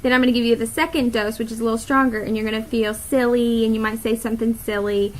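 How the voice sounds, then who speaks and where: A young woman with a slightly high voice tells a story in a casual vlog. She talks in a chatty, rambling way, full of fillers and quoted thoughts. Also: flat delivery, fast, rough recording. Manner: chatty, many fillers and quoted inner thoughts, laughs often. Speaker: vlogger.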